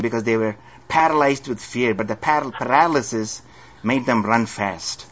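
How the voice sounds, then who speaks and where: A man delivers a sermon as a story, adding humorous asides and slowing down for dramatic emphasis. His voice is medium-pitched and a bit bright, on a dull lo-fi recording.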